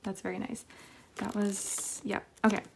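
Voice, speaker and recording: A woman's voice: medium pitch, normal speed, vocal fry, background noise. Chatty young woman unboxing albums. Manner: excitable, chatty, frequent laughs and fillers. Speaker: K-pop album haul vlogger. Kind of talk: casual unboxing chat.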